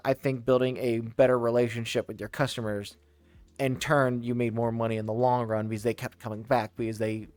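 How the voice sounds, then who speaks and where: A man's voice: mid-range voice, darkish tone, no room sound. Rambling man telling casual stories. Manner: rambling, restarts and tangents, quick laughs. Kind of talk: casual storytelling.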